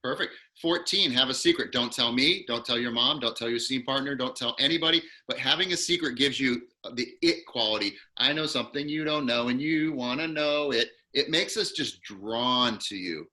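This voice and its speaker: A man with a very bright, forceful voice leads an acting class over a video call. He moves briskly from step to step and keeps prompting his student with quick, encouraging questions. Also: medium pitch. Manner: quick, encouraging teacher walking a student through numbered steps. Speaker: acting coach.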